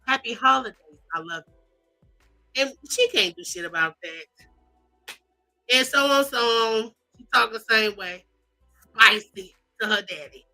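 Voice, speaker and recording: Sassy animated woman reading celebrity posts. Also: on the high side, a little slow, pauses often, faint music behind, rough recording. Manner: animated, sassy, mock-crying, drawling asides. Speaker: commentary host.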